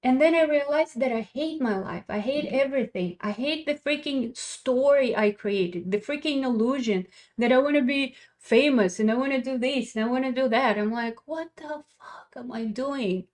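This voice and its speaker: A woman's voice: sits high, moderate pace, darkish tone. A middle-aged woman, a wellness coach giving a blunt, profane motivational talk. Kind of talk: motivational monologue.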